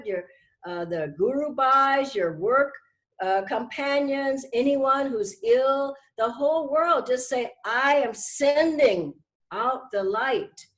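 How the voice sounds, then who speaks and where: A middle-aged woman giving a gentle, earnest spiritual talk to her followers, slowing down to stress key words. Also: sits high, rough recording. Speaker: spiritual teacher.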